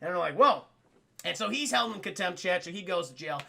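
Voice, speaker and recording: Gravelly, bright-voiced swearing streamer guy. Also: high voice, a little fast. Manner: profane, rambling, keeps addressing chat; half-drunk, animated storytelling. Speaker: streamer film reviewer. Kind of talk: casual spoiler review to live chat.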